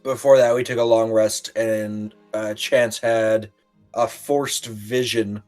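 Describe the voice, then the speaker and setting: A man recapping a tabletop game session in a rambling, halting way with lots of fillers, acting out quotes. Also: lowish voice, fairly even intonation, darkish tone, soft background music. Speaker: player recapping the last session.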